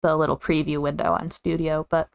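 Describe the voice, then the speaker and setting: A woman's voice: deep voice, level tone, a little fast, vocal fry. A woman chatting casually on a live stream, giggling often and rambling with lots of fillers and self-corrections.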